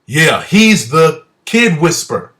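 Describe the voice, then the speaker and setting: Animated storytelling man, slightly high voice. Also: slow pace. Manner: storytelling, acts out quoted voices, swings loud and soft. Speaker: speaker recounting a church visit. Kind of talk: animated personal testimony. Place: at home.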